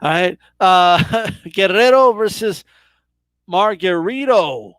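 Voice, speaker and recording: A man's voice: sits high, lively intonation, takes it slowly, fairly bright tone, no echo. A man hosting a casual live stream, reading viewer questions and teasing his guest. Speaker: host.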